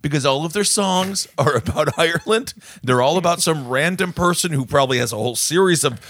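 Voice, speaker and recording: A man's voice: on the high side, a little fast, a bit bright. A young man telling jokey stories in a casual comedic chat as a co-host. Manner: dry, jokey storytelling. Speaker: podcast co-host.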